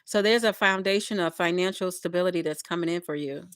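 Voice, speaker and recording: A woman's voice: fairly low pitch, fast, fairly bright tone, smooth, dry recording, clean studio sound. A woman giving a collective tarot reading, talking straight to her viewers in a repetitive, encouraging way. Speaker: tarot reader. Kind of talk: collective tarot reading, spiritual pep talk.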